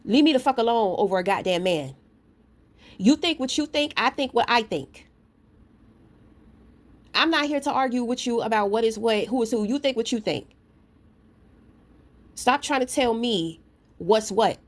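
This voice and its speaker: A woman's voice: a little high, lively intonation, normal speed, long pauses. Blunt, profane woman ranting to camera. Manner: storytelling with many asides. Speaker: vlogger; parent. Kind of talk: casual rant to camera.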